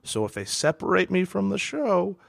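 A man's voice: high voice, huge pitch swings, moderate pace, creaky. A man hosting a podcast, ranting in a rambling, exasperated way with lots of restarts. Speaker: podcast host. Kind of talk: casual monologue.

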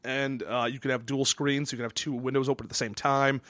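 A man hosts a casual podcast and talks at a rapid clip. He rambles and swears, stumbling over restarts, in a dry, close recording. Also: medium pitch, little pitch movement, fairly bright tone, no echo. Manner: rambling, profane, stammering restarts. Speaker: podcast host.

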